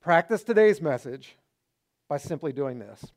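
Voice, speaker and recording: High-voiced preacher, earnest and exhorting. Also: male voice, lively intonation, unhurried. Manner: earnest, exhorting, punches short repeated phrases. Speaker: pastor. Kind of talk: sermon.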